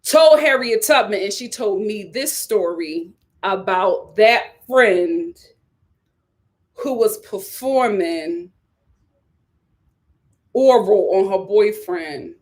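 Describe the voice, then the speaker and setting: A young woman, hosting a live-stream review and ranting in animated, casual commentary, repeating lines for emphasis. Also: slow, pauses often. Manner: animated, repeats lines for emphasis, swings between loud outbursts and low mutters. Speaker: YouTube reality-TV reviewer.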